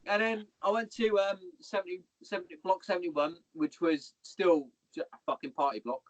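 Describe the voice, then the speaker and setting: A podcast guest from Hereford, England rambles through army anecdotes, swearing heavily and calling the listener "mate." His voice sits high with a steady tone and moderate pace. The recording is dry, dull lo-fi podcast audio.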